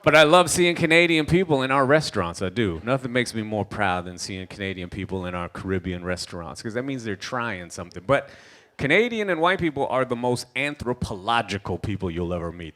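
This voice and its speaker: A man's voice: medium pitch, fairly quick. A man from Trinidad with a Trinidadian accent, performing a stand-up comedy set on a gala stage and acting out the characters in his stories. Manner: animated storyteller acting out characters. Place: stage at an indoor gala event.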